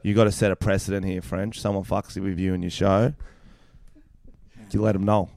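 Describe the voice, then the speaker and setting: A young Australian man with a fairly low voice tells stories on a podcast, cursing freely and acting out the back-and-forth. The sound is dry and close, with no room echo. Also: moderate pace, vocal fry. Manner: profane, animated storyteller acting out exchanges. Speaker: stand-up comedian and podcast co-host. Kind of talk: casual podcast chat.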